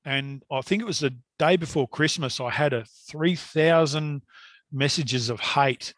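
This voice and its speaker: A man's voice: a little high, unhurried, a bit bright, no echo, clean studio sound. A middle-aged Australian man telling a long story in casual conversation, rambling and laughing often. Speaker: guest hunter.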